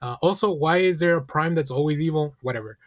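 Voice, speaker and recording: A man's voice: a little high, quick pace, dry recording, clean studio sound. A man co-hosting a podcast, talking loosely and rambling with plenty of fillers. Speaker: podcast co-host. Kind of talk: casual podcast chat.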